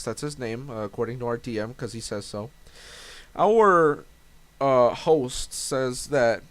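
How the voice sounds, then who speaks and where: A young man with a mid-range voice, recorded with no echo, casually recaps a tabletop game session. He rambles, interrupts and corrects himself, and swears.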